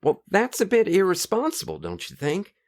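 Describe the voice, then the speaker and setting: A man's voice: high voice, lively intonation, normal speed, creaky, a little mellow. An actor playing a folksy human man in an audio drama, who speaks in homespun sayings. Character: folksy human man, Curdy, fond of his dad's sayings.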